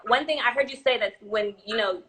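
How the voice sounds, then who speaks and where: A woman's voice: a little high, a little fast, a bit bright, a little hiss or hum. A woman hosting an interview over a video call, asking casual questions. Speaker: interview host.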